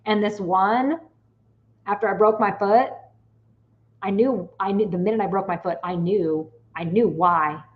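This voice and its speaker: Animated, swearing woman in her late forties. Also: mid-range voice, measured pace, narrow, tinny audio. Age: late 40s. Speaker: psychic medium hosting a Q&A. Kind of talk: casual chat to viewers.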